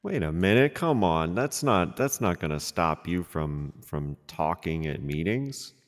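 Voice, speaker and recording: A man chatting in character in a role-play game, talking in a hesitant, halting way. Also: low-pitched, lively intonation, long reverb tail. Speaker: roleplay game player. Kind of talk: casual in-character chat.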